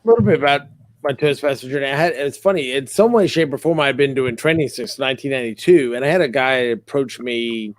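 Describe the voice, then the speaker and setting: A middle-aged man telling a funny story on a podcast, animated and joking. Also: mid-range voice, brisk, no room sound. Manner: animated, joking, acts out quotes. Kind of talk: casual storytelling.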